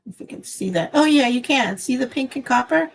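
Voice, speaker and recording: A woman's voice: high-pitched, expressive, brisk, vocal fry. A woman hosting a casual craft live stream from home, chatting in a meandering way with lots of fillers, recorded on a phone. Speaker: craft channel host.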